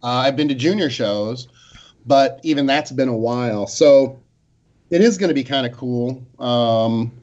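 A man's voice: medium pitch, measured pace, a little mellow. A man co-hosting a podcast in casual chat, laughing often, swearing freely and rambling. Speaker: co-host. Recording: dull lo-fi sound.

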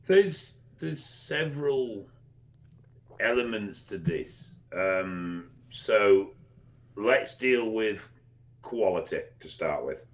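A man co-hosting a podcast, explaining things in a relaxed, casual way and swearing now and then. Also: on the low side, very slow, dull audio. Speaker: podcast co-host and expert.

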